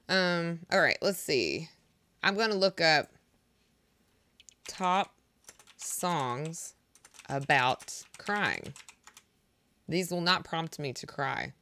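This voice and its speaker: A young woman streaming music, chatting with her viewers in a flat, deadpan, monotone way. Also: fairly low pitch, very slow, long pauses. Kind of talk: casual chat with live chat.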